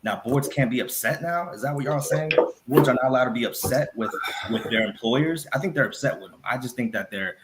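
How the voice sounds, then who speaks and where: A man's voice: medium pitch, brisk, heavy background noise. A man calling into a chat show, ranting in slang and piling up opinions. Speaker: caller. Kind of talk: casual chat.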